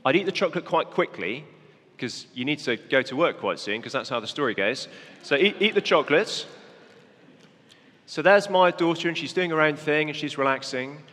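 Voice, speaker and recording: A man's voice: fairly high pitch, lively intonation, normal speed, fairly bright tone, long reverb tail. A man preaching a children's talk, coaxing young volunteers through a parable they act out on stage. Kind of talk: sermon with volunteers acting a parable.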